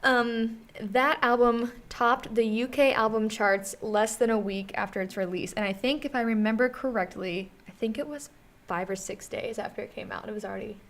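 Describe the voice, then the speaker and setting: A woman's voice: a little high, fairly even intonation, normal speed. Rambling young woman podcast co-host. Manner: rambling, self-deprecating, giggly. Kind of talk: casual chat.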